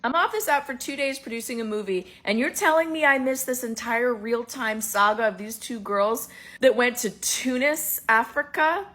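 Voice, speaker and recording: A woman's voice: a little high, moderate pace, fairly bright tone. A woman ranting in a casual reaction video, exasperated and sarcastic, swearing freely. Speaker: commentator.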